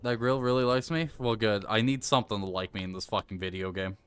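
A man's voice: on the low side, fast talker, a bit bright, slight background noise. A man streaming a video game live, coaching himself aloud and swearing when it goes wrong. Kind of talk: casual live-stream commentary.

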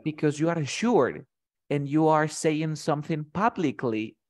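A man's voice: a little high, lively intonation, unhurried. A man teaching English vocabulary in conversation, explaining each word with short acted example lines and often checking that his student follows.

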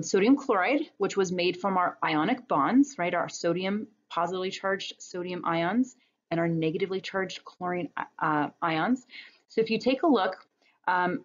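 Lady teaching biology over slides, chatty and patient, kinda low voice, dull webcam sound. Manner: conversational, explains step by step with fillers and "right?". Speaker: biology instructor. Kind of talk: recorded lecture over slides. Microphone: webcam or computer mic on a talking-head recording.

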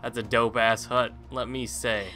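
A man's voice: medium pitch, level tone, measured pace, bright, forceful tone. A man casually commentating his own gameplay, rambling with jokey self-mocking asides. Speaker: gaming YouTuber. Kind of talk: casual let's-play commentary.

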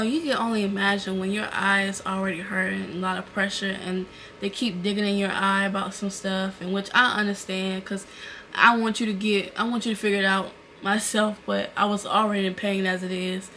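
A young woman vlogger, retelling an emotional story to camera in a casual, animated way with lots of fillers, recorded indoors at home on a camera mic. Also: mid-range voice, a little hiss or hum.

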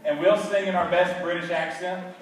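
A man's voice: high-pitched, steady tone, normal speed, noisy background. A man, playfully coaxing and joking with a crowd as he leads the gathering. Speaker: event leader addressing a crowd. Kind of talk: casual crowd address. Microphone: phone camera, from a distance. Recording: very echoey phone recording from far off.

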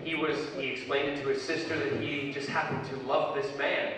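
A man on stage as a convention panel guest, telling an animated anecdote and acting out the others' voices. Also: fairly high pitch, a little fast, a little hiss or hum. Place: large convention hall. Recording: echoey hall, distant mic, crowd.

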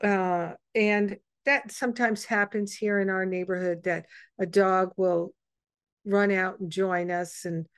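Slow, gentle woman telling a story. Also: mid-range voice, fairly even intonation, clear, resonant tone, no echo. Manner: meandering and gentle, with frequent pauses and restarts. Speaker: host of an online spiritual gathering. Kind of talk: personal storytelling to an online group.

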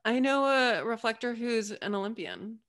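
Animated woman explaining with emphasis. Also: on the high side, moderate pace. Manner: animated and emphatic, acting out little voices in her examples. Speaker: podcast guest, Human Design reader. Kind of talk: casual podcast conversation.

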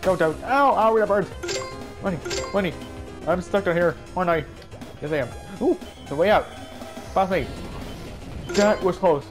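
A man giving casual gameplay commentary, excitable and yelping at every mishap, with a stuffy nose. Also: high voice, moderate pace, pauses often, music in the background. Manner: excitable, yelps and shouts at mishaps. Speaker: gaming YouTuber.

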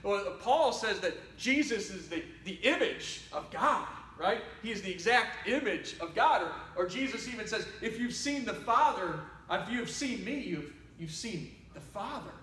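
A man preaching a sermon as pastor, talking conversationally and swinging between loud exhortation and quiet asides. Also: high voice, expressive, unhurried, hardly any pauses, a little hiss or hum. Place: church sanctuary. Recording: roomy church sound from a distant mic.

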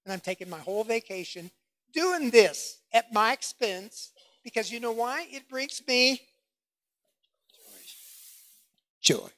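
Guest lecturer, man, emphatic and lively, works the room with questions. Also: extremely high pitch, takes it slowly, pauses often. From United States. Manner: animated, emphatic, asks the audience questions. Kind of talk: public lecture.

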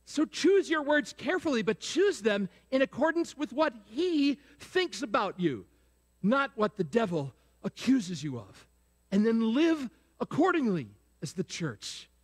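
High-voiced pastor preaching in a reverberant church. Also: male voice. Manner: preaching with repeated rhetorical questions, prompting the congregation. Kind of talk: sermon. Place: church sanctuary. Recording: long reverb of a church sanctuary.

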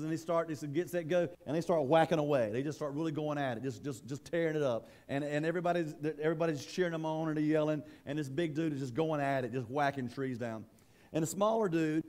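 A male pastor preaching a sermon in a church, in a conversational, halting way that often repeats words. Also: on the high side, a little mellow.

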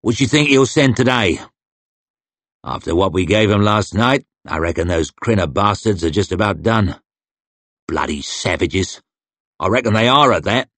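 A man voicing a gruff, sardonic, menacing warrior. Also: fairly low pitch, animated, moderate pace, a bit bright, dry recording.

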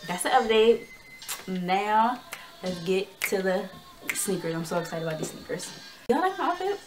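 A woman's voice: mid-range voice, moderate pace, music in the background. Chatty young woman vlogger, slangy. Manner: chatty, slangy, acts out dialogue in a lively way. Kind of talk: casual storytelling to camera.

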